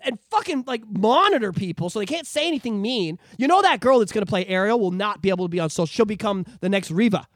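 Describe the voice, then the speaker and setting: A podcast co-host in casual chat, ranting with lots of swearing and animated outbursts, recorded on a podcast microphone. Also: mid-range voice, fast, few pauses, no echo, clean studio sound.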